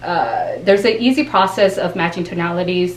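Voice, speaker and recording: A woman speaking as a communication coach, explaining in a measured way and demonstrating tones of voice. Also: on the low side, animated. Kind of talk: explanatory interview talk. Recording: echoey room, distant mic, faint hiss.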